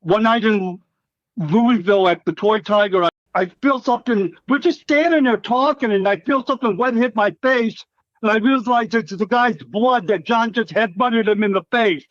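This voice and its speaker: A middle-aged former wrestler with a fairly high voice rambles through profane war stories, acting out what others said. He is recorded dry, with a slightly dull sound. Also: moderate pace, dry recording. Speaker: interview guest, former wrestler. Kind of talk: casual storytelling interview.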